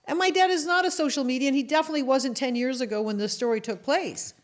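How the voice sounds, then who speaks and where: A woman from Canada, talking in a casual interview as an author and guest, telling animated stories and acting out the voices of the people in them. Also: high-pitched, fast. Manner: animated storyteller who acts out quoted voices.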